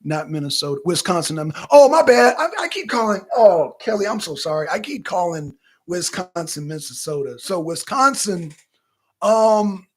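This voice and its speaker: Male co-host, high husky voice, animated and profane casual commentary. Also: moderate pace. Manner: animated, profane, chatting directly to viewers. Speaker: political talk show co-host.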